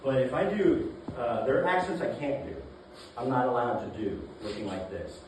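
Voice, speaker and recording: A man performing a deadpan stand-up set in a comedy club, halting with many fillers. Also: mid-range voice, a little hiss or hum. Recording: roomy club sound from a distance, audience laughter. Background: audience laughing.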